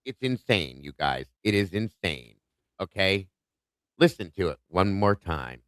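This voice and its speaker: Emphatic low-voiced male host. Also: big pitch swings, a little slow, dry recording. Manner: emphatic, talks straight to viewers. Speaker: show host. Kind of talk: casual live-stream chat.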